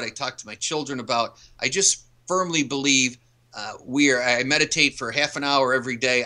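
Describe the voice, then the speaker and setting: A man's voice: mid-range voice, sharp tone. A man talking as an interview guest, an author and coach who tells stories earnestly and emphatically. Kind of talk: casual interview conversation.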